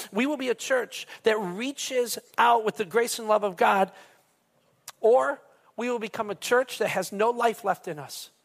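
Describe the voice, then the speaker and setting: High-voiced man preaching earnestly. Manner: earnest, repeats words when fired up. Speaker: pastor. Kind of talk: sermon.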